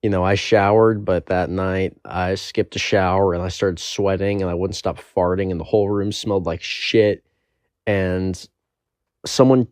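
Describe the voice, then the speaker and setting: A man's voice: low voice, darkish tone, dry recording, studio quality. A young man telling a rambling, profane story in a casual storytime monologue.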